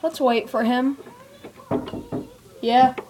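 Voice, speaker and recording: Young woman vlog host, slightly high, giggly, noisy home mic. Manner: giggly, quick back-and-forth. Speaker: YouTuber host. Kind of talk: casual chat. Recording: noisy home webcam recording.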